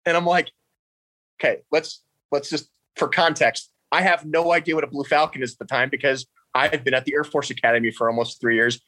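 A male podcast guest tells casual stories animatedly, laughing often and raising his voice when quoting other people. His voice is medium-pitched and he talks a little fast; the low-quality recording has no echo.

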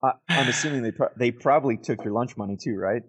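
A man's voice: medium pitch, fast talker, slightly rough. A man co-hosting a podcast, laid-back and slangy, chatting casually and calling people dude and bro. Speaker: podcast co-host. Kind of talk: casual chat.

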